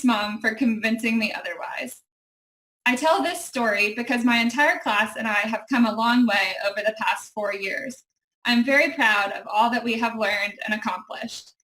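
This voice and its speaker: A woman's voice: fairly high pitch, pushed and bright. A young woman in her twenties giving a composed graduation speech on a video call, telling a story about her start. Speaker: graduating audiology student. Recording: echoey room.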